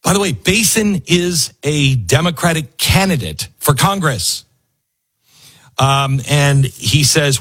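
A man's voice: on the high side, expressive, slow pace, a bit bright, slightly rough. A man giving opinionated news commentary, sarcastic, often acting out the people he quotes.

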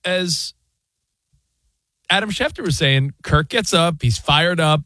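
A man's voice: on the high side, expressive, slow pace, pushed and bright, dry recording. A man co-hosting a sports talk show, speaking in a rambling, playful, hedging way from a studio. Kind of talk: casual sports radio banter.

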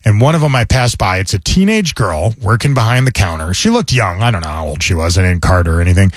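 A male radio host tells stories and reads news items in an animated, casual way. His voice swings up and down in pitch, and the studio sound is close and dry. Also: fast talker, no echo. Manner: animated storyteller with mock news reading. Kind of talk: casual talk radio banter.

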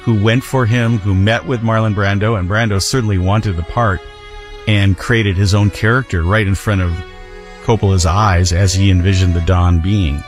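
A male author giving a measured, reflective account of a film's casting history. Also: on the low side, steady tone, soft background music. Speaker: author interviewed about a film. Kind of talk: documentary commentary.

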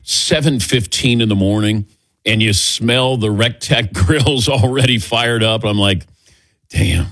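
A man hosting a sports talk radio show, chatting casually and telling animated stories with quick laughs. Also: lowish voice, no echo. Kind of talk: casual morning radio banter. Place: radio studio.

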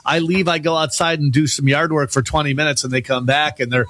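A man's voice: fairly high pitch, fairly even intonation, brisk, fairly bright tone, no room sound. A man hosting a radio talk show, chatting casually and laughing while he retells stories.

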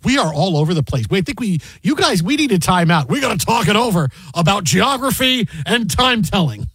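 A man hosting a casual sports talk show, playful and rambling, quick to joke. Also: high voice, very animated, a bit bright, husky, no echo. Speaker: radio show host.

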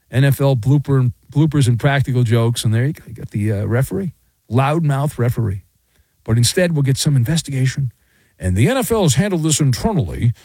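A man's voice: mid-range voice, a little mellow, dry recording. A middle-aged man hosting a sports talk radio show, sarcastic and theatrical. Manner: sarcastic, theatrical, mocking voices.

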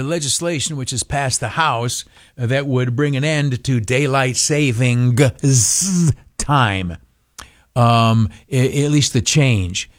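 A male talk radio host riffing through a loose opinion monologue. He rambles and stumbles over his words, piling on fillers and restarts, with a mocking, sarcastic edge. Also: medium pitch.

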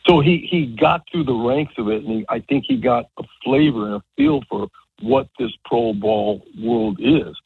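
A man in his seventies, a retired baseball coach, telling stories on a radio show in a rambling, animated way with many restarts. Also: mid-range voice, normal speed, vocal fry, breathy edge, no room sound. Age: 70s. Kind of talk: casual radio interview. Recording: tinny phone line.

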